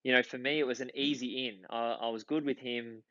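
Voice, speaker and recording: An Australian man in his thirties tells long rambling stories in casual chat and often restarts his sentences. His voice is mid-pitched. The recording is dry and a little dull. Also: steady tone, brisk, bright, forceful tone, no echo. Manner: rambling anecdotes with many restarts. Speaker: podcast guest, former footballer.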